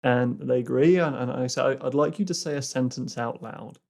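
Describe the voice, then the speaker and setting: At normal speed and with a creaky voice, a man hosts a solo personal growth podcast, telling a client story full of fillers and restarts. When he quotes the exercise, he drops to a soft, low voice.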